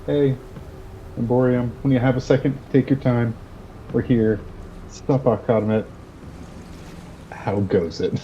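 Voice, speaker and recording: A man's voice: mid-range voice, steady tone, measured pace, pauses often, dark tone, dull audio, a little hiss or hum, pitched above the performer's own voice, lightly acted. A man voicing his adventurer as he hails two dragons politely in a tabletop game. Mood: friendly. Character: adventurer hailing dragons through a spell.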